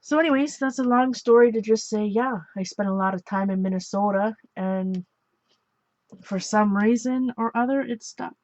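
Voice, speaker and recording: A woman's voice: fairly high pitch, moderate pace, a little mellow, no room sound, dull audio. A woman from Ontario chatting casually and rambling while she works on an art journal page, laughing often and correcting herself. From Ontario, Canada. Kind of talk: casual chat while crafting.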